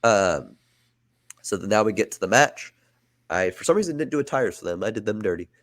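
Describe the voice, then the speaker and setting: A man's voice: on the low side, expressive, fairly quick, fairly bright tone, no room sound, studio quality. A man hosting a podcast, casually narrating wrestling storylines he booked. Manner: casual, chatty with fillers. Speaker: podcast host.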